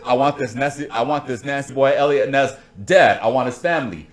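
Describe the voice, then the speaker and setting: A man's voice: medium pitch, a little fast, roomy sound, pitched above the performer's own voice, close to an everyday voice. A man playing a vengeful mob boss, snarling a string of threats in a raised voice.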